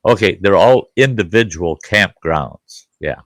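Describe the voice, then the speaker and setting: A man's voice: low-pitched, expressive, a little slow, a bit bright, no room sound. A middle-aged man, a campground host, telling rambling, profane stories in casual chat and laughing at his own jokes. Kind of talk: casual live chat storytelling.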